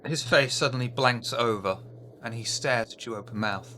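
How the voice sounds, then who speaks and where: A man's voice: mid-range voice, normal speed, sharp tone, a little hiss or hum. A man narrating a tabletop horror game as game master, in a descriptive storytelling manner.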